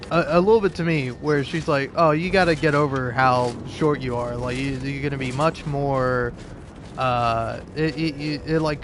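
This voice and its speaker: A man's voice: mid-range voice, background noise. A young man casually telling a rambling story while playing a game, often restarting his sentences, laughing and swearing. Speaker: gaming video creator.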